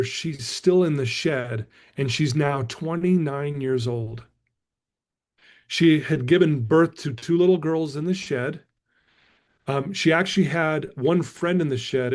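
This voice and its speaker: Middle-aged man, fairly high voice, emphatic, motivational storytelling. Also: darkish tone. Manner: emphatic, repeatedly addresses listeners as "guys". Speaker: guest speaker.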